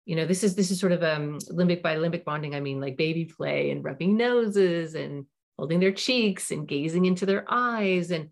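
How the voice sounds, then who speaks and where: A middle-aged woman hosting a parenting podcast, giving advice in a warm, animated way and acting out little example dialogues. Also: fairly low pitch, normal speed, creaky.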